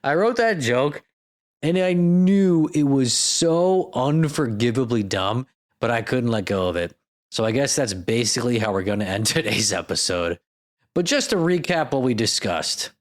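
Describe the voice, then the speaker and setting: Male podcast host, young adult, sarcastic, profane, very expressive pitch, comedic solo monologue. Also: moderate pace.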